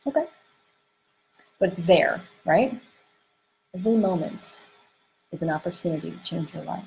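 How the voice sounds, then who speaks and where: A woman coaching on dating and emotions in an animated monologue. She often acts out inner voices and uses many fillers. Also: fairly low pitch, normal speed, vocal fry, pauses often, a little hiss or hum, rough recording. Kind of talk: podcast-style teaching monologue. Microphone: close microphone she bumps while gesturing.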